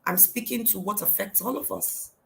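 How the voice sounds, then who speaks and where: A woman's voice: mid-range voice, normal speed, gravelly, rough recording. A middle-aged woman with a Nigerian accent, giving a devotional coaching talk, asking question after question in an emphatic way. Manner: questioning, emphatic, repeats "why". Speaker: life coach.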